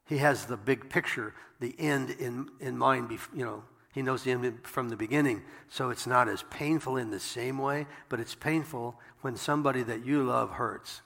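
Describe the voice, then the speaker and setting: A man's voice: mid-range voice, moderate pace, vocal fry, few pauses, a bit bright, big-room sound. A man preaching a sermon, reading scripture aloud and breaking in with wry asides. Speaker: pastor.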